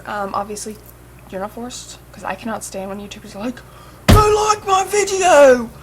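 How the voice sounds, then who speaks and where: A woman's voice: medium pitch, very noisy. A young woman chatting casually through a makeup tutorial, swearing and saying "like" and "um" a lot. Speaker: makeup vlogger.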